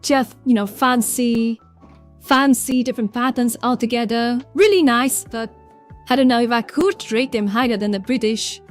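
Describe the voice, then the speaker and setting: A woman's voice: fairly high pitch, normal speed. A woman with a Vietnamese accent chatting casually on a livestream, rambling and greeting viewers from chat by name. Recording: faint background music.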